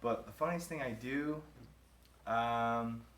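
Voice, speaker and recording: A man's voice: mid-range voice, slow, fairly bright tone, a little hiss or hum. A young man, a groom-to-be, answering interview questions in a casual, rambling way, trailing off and laughing between thoughts. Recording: roomy echo.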